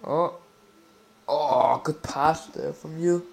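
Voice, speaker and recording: A man giving live commentary while playing a football video game, exclaiming and swearing excitedly at the action. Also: a little high, drawn-out words, vocal fry.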